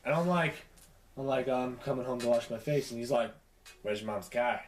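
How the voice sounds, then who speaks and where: A man's voice: medium pitch, normal speed. A young man telling a profane story in casual chat, acting out the quotes. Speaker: podcast co-host. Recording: echoey room with faint noise.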